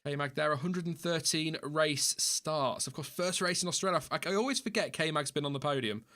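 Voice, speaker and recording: A man's voice: on the high side, normal speed, sharp tone. A man hosting a casual live stream, chatting loosely and reading out viewer comments with small laughs. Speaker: livestream host.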